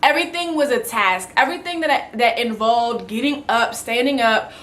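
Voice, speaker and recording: A woman's voice: fairly high pitch, normal speed, a bit bright. A young pregnant woman chatting casually in a vlog, rambling with lots of fillers. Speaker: vlogger.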